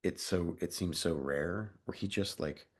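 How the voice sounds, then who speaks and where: A man's voice: low voice, unhurried, breathy edge. A young adult man, an actor being interviewed, talking casually in a rambling way with lots of fillers and restarts, and swearing freely.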